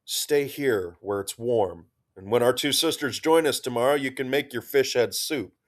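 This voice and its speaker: A man's voice: mid-range voice, moderate pace, voice pushed up, natural voice. A man voicing a protective woman soldier who speaks insistent, broken English.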